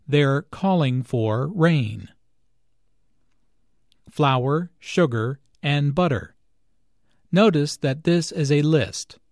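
A man narrating an English lesson in a deliberate, explanatory way, stressing key words clearly. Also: fairly high pitch, darkish tone, no echo, clean studio sound.

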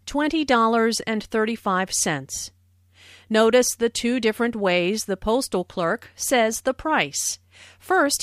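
A woman narrating language notes for an English lesson, speaking slowly and clearly. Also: on the high side, no room sound, clean studio sound. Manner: slow and clear, with expressive intonation.

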